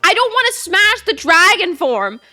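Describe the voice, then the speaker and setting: A woman's voice: very high voice, big pitch swings, normal speed, bright, forceful tone. A young woman from Canada's west coast, streaming and chatting casually while gaming, giggly and rambling. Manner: giggly, rambling, lots of restarts and repeats.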